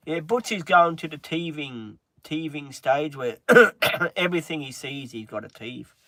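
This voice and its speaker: A man chatting on a livestream in a halting, earnest way, with many pauses and restarts, openly upset. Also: on the high side, bright, forceful tone, no room sound. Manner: halting, frequent ums and restarts. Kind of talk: casual livestream chat.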